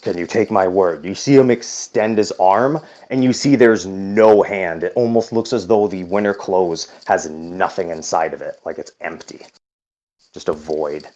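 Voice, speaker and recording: A man narrating a tabletop game as game master, unhurried and with frequent hesitations. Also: deep voice, steady tone, darkish tone, lo-fi sound.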